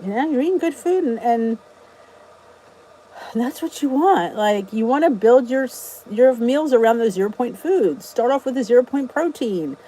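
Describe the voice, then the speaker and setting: A chatty middle-aged woman from New Jersey talks casually in a live stream. Her voice sits a bit high, and she drives her points home by repeating them. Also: lively intonation, normal speed, mellow, poor audio. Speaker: vlog host answering live chat.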